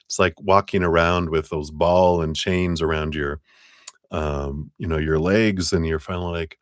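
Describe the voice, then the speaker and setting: A man giving casual live tarot readings on a stream, talking in a gentle, rambling, encouraging way. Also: low voice, steady tone, normal speed, dry recording, studio quality. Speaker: tarot reader.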